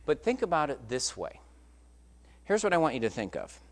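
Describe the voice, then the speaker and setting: A man's voice: on the high side, big pitch swings, moderate pace. A man preaching a sermon, telling a story in an emphatic, conversational way.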